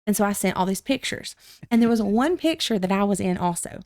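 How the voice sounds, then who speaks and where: A young adult woman, a podcast guest, telling a story in a lively, casual way and acting out quotes with sudden jumps in pitch. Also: brisk.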